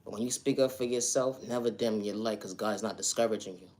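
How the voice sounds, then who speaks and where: A man delivering an earnest spiritual motivational monologue, repeating affirmations and now and then breaking into loud, high shouted refrains. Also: quick pace. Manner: repetitive affirmations, earnest and emphatic. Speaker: spiritual vlogger.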